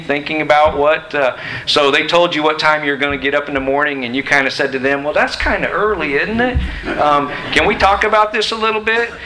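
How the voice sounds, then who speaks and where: A man's voice: medium pitch, sharp tone, a little hiss or hum, poor audio. A middle-aged man preaching a sermon in a church, emphatic and questioning his listeners. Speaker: pastor. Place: church sanctuary.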